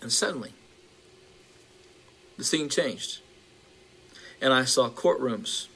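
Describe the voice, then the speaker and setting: Bright-voiced preacher man recounting a vision. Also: medium pitch, expressive, husky. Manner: repetitive, halting with restarts, building intensity.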